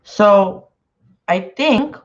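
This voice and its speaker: A man's voice: high voice, animated, drawn-out words. A man chatting casually on a livestream while he works, sounding nervous and hesitant, with frequent restarts and filler words. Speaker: podcaster and newsletter writer. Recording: dull lo-fi stream audio.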